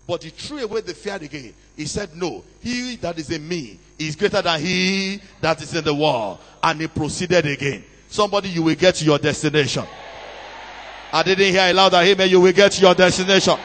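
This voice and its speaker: A man's voice: high-pitched, fairly quick, a bit bright. A man preaching a sermon, telling a story dramatically and calling out to the congregation for responses. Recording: long reverb of a large hall.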